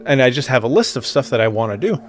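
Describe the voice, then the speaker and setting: A man's voice: medium pitch, very animated, fast, soft background music. A young adult man in casual chat, telling a ghost story with swearing and laughter.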